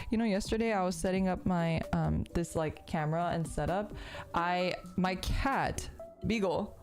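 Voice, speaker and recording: A woman's voice: fairly low pitch, normal speed, darkish tone, faint music behind. A woman streamer chatting casually while building a model kit, rambling and putting herself down, with many restarts.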